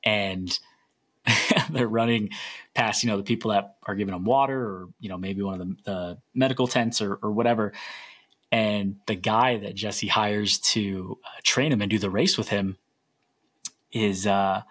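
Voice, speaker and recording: A man's voice: lowish voice, a little slow, a bit bright, breathy edge. A young man hosting a solo podcast, telling stories in an earnest, rambling way. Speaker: podcast host.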